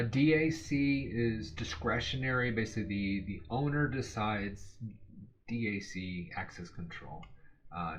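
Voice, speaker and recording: A man's voice: lowish voice, a bit bright, rough recording. A man giving a casual spoken study lesson, rambling and correcting himself as he thinks aloud with filler words. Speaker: exam study tutor.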